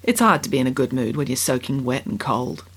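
A woman telling a comic fairy tale aloud, with wry, deadpan asides. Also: rumbling low, fairly quick, breathy edge. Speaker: storyteller. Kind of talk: comic storybook narration.

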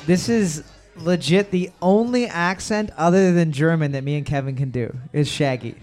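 High-voiced man calling a trivia round. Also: moderate pace. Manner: loud repeated calls of "boards up", joking asides. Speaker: trivia host. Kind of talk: casual podcast banter, running a music round.

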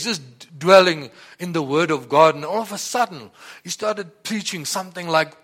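A man giving a personal testimony in a rambling, halting way, often repeating "you know" and "like that.". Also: a little high, a bit bright. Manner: halting, many restarts and fillers. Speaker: church member giving testimony.

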